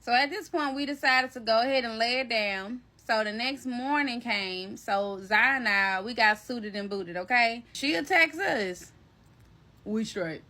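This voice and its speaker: A woman telling a story in a casual storytime vlog, animated and slangy, talking straight to her viewers. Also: on the high side, measured pace. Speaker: vlogger.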